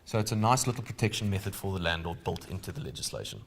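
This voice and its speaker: A man's voice: low voice, animated, quick pace, gravelly, a little hiss or hum. South African man running a legal seminar. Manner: conversational, quizzes the audience with rhetorical questions. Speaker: legal trainer. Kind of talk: live training seminar.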